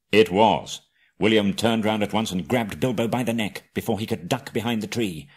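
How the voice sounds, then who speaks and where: A man narrating an audiobook in a measured storytelling manner. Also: fairly low pitch, husky. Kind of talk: audiobook reading.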